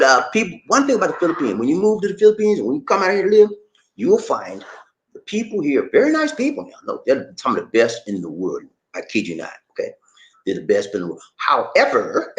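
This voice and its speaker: A man's voice: medium pitch, roomy sound. A man from Charleston with a Gullah Geechee accent, hosting a casual live-stream chat from his home and reading viewer comments. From Charleston, South Carolina. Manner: animated, laughs often, reads viewer comments. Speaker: vlog host. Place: home in the Philippines.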